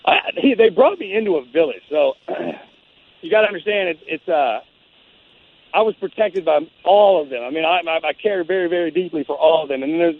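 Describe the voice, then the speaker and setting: A man's voice: fairly high pitch, fairly quick. Man telling a war story over a tinny line. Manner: rambling, frequent restarts and "man", "dude". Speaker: interview guest, former Navy SEAL. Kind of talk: casual storytelling. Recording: phone-like narrow band.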